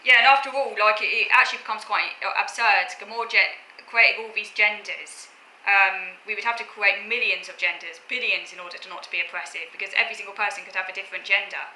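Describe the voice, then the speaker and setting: Bright-voiced woman lecturing in an echoey room. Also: medium pitch, fairly even intonation, quick pace, slight background noise. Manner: earnest, lecturing, talks in short restarted phrases. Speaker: vlogger. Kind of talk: explaining opinions to camera. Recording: echoey room with faint ambience.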